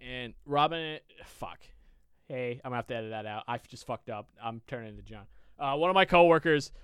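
Brief: male podcast co-host with a smooth, clear tone, casually swearing through work stories. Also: medium pitch, expressive, a little fast, a bit bright, dry recording, clean studio sound. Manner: rambling storyteller, swears a lot.

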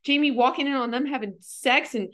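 A woman co-hosting a podcast, chatting casually with playful, exaggerated reactions and quick jokes. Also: sits high, fairly bright tone. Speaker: podcast co-host. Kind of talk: casual chat, reacting to a TV episode.

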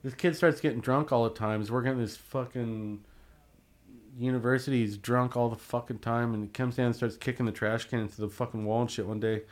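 A man's voice: mid-range voice, brisk. Man telling a profane story. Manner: profane, animated, acts out quotes and sound effects. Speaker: tattoo artist and shop owner. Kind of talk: casual storytelling.

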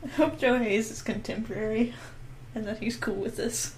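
A woman's voice: a little high, steady tone, normal speed, darkish tone, slight background noise, poor audio. Laughing woman podcast co-host. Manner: laughing, self-mocking banter. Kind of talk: casual chat.

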